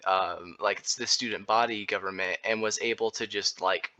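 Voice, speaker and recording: A man's voice: lowish voice, normal speed, no room sound. A young man hosting a podcast, telling stories in a casual chat and laughing often. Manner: animated storyteller, laughs often. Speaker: podcast host.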